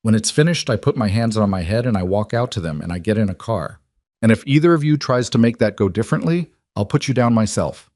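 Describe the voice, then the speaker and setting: A man's voice: lowish voice, expressive, darkish tone, no echo, clean studio sound, natural voice. A man voicing a steely crime boss giving orders. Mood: commanding. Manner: firm, measured orders. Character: commanding male crime boss, steely and decisive. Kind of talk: audiobook character voice.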